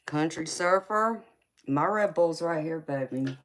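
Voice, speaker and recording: A woman's voice: deep voice, a little slow. A woman from Los Angeles with a Southern accent, chatting casually on a live stream and answering viewers' comments. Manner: chatty, laughs often, reads out viewer comments. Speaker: tarot reader streamer.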